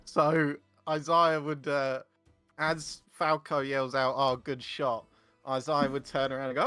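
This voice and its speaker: A man's voice: mid-range voice, steady tone, measured pace, sharp tone, no echo, faint music behind. A man playing a tabletop game, describing his character's actions in rambling bursts with restarts. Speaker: player.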